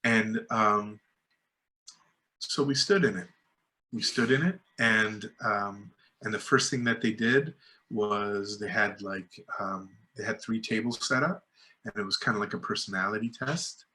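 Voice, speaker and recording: Bright-voiced man telling rambling stories. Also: on the low side. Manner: rambling anecdotes full of fillers and restarts; acts out other people's lines in a raised voice. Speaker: guest filmmaker. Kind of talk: casual storytelling in a podcast interview.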